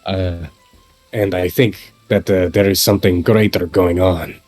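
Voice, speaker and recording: A stern, suspicious male adventurer with a faintly villainous edge, voiced by a man at the gaming table. His voice sits a little low and his delivery is measured and insistent, pressing each point home. Faint music plays underneath. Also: fairly even intonation, darkish tone. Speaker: tabletop game player. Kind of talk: in-character tabletop role-play.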